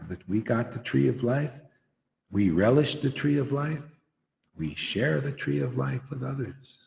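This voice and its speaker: A man's voice: fairly low pitch, creaky. Rambling man preaching in an echoey hall. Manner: rambling, full of "you know" and "man". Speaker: preacher leading a devotional gathering. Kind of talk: informal preaching. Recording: echoey hall with long reverb.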